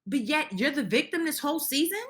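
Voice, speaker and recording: Woman, high-ish bright voice, indignant reality-TV recap commentator, heated and full of restarts. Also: expressive, a little fast.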